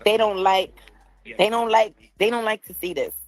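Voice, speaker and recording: A woman filming herself on her phone at an airport, upset and firing off sharp questions. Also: medium pitch, moderate pace, faint music behind, rough recording. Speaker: vlogger. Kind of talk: filming herself in a casual rant.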